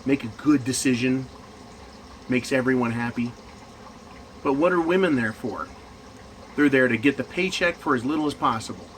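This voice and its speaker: A man's voice: medium pitch, animated, moderate pace, long pauses, a little hiss or hum, low-quality recording. A man in management ranting crudely and mockingly in a profane monologue. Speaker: commentator.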